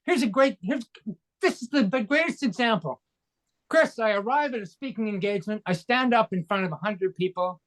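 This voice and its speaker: A man's voice: high-pitched, normal speed, fairly bright tone. A man in his sixties from Canada, a coach and speaker, talking as an interview guest in an emphatic, fervent motivational way. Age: 60s. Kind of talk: interview conversation.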